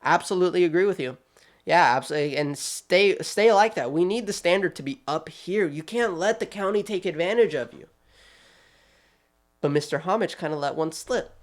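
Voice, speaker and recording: A man hosting his channel, giving quick, chatty, animated commentary with a sassy streak, talking straight at the people he discusses. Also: high-pitched. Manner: quick, chatty, restarts often. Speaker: channel host. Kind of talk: casual video commentary.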